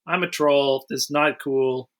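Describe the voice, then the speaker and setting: A man's voice: mid-range voice, steady tone, a little slow, a bit bright, voice pushed down, lightly acted. A man doing a grumbling fed-up troll. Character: gruff male movie troll, fed up.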